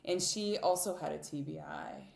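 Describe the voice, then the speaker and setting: Low-voiced woman telling candid stories, roomy sound. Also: moderate pace, creaky. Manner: animated and candid, many fillers and restarts. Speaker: guest, professional cyclist. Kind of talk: emotional storytelling in a podcast interview.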